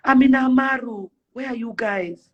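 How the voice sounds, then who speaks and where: A woman's voice: on the high side, moderate pace, highs cut off. A young Kenyan woman delivering an impassioned rant to camera, pleading and fiery, firing off rhetorical questions. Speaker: celebrity influencer.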